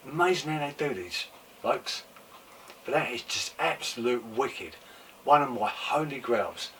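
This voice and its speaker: An excitable man hosts a laid-back toy collecting show, his medium-pitched voice wearing thin and turning slightly hoarse as he loses it. He gushes, repeats his exclamations, and swears now and then in casual show-and-tell chat. He sits a little back from the mic, far enough that faint room noise comes through.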